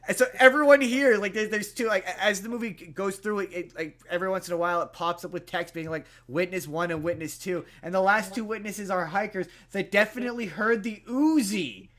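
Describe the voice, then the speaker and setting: A young man on a casual podcast, slightly higher-pitched than most men. He rambles through a movie plot full of "like" and restarts, getting animated as he goes. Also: brisk, hardly any pauses. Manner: rambling retelling of a movie plot with many fillers. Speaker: podcast co-host. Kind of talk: casual chat.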